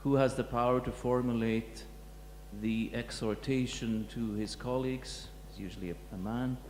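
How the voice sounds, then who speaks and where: A man, a museum curator, giving a reflective talk to an audience, pausing and restarting often. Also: mid-range voice, steady tone, a little mellow. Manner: halting, many restarts and fillers, reflective. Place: lecture hall. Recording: echoey hall with faint hum.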